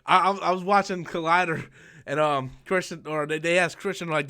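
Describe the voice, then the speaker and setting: A man with a high voice rants through a live-stream chat. He swears constantly and slips into mocking impressions of other people. He is young and talks loosely and off the cuff. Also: steady tone, fairly quick, pushed and bright. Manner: profane, ranting, mocking, with mimicked quotes. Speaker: channel host.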